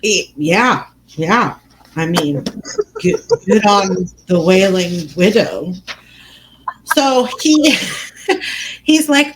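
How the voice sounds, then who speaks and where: A woman's voice: mid-range voice, lively intonation, very slow, long pauses, a little hiss or hum, rough recording. A woman co-hosting a casual book podcast, retelling scenes with lots of animation and little voices for the characters. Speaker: podcast co-host.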